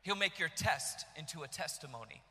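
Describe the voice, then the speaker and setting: A man in his thirties from the United States preaching a sermon, telling his story with animated bursts of shouting. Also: fairly high pitch, brisk. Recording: long reverb of a large hall.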